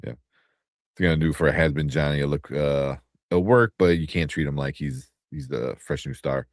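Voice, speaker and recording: A very deep-voiced man hosts a laid-back podcast chat, sounding sleepy and a little groggy. He rambles and restarts his sentences often. The sound is dry and close to the mic. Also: moderate pace, dry recording. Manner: loose, rambling, with many restarts. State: sleepy, yawning. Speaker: podcast host. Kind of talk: casual chat.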